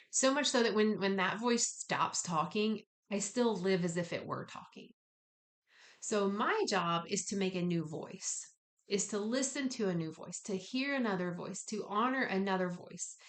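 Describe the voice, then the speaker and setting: Gently encouraging woman. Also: medium pitch. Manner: conversational, gently encouraging, slangy asides. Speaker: spiritual wellness teacher. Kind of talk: casual spoken guided talk.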